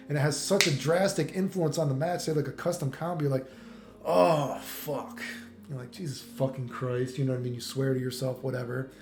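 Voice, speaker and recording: A man hosts a fighting game video with a rambling, profane, casual monologue, saying "you know what I mean" again and again. His voice is mid-range with a darkish tone, recorded in an echoey room with faint music.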